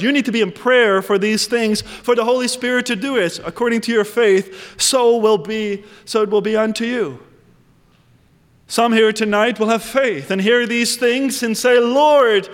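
A man preaching an evening sermon as pastor, measured and deliberate, drawing out key phrases and rising in pitch to stress them. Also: a bit bright. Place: church sanctuary. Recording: long reverb of a large hall.

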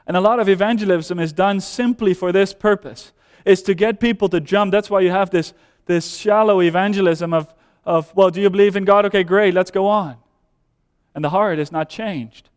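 A man preaching a sermon as pastor, whose first language is Dutch, emphatic and repetitive, rising loud and falling soft. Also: normal speed, smooth. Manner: emphatic, repeats phrases, drops to soft low voice then rises. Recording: long hall reverb.

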